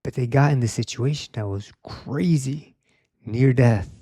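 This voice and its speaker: A man's voice: mid-range voice, measured pace, mellow, no echo, studio quality. A young man giving a casual, conversational sermon, often saying "like" and acting out quotes. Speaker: speaker.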